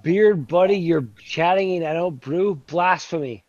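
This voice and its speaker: Man, casual chat, fairly high voice, blunt joking, dry lo-fi sound. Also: a little slow, a little mellow, a little hiss or hum.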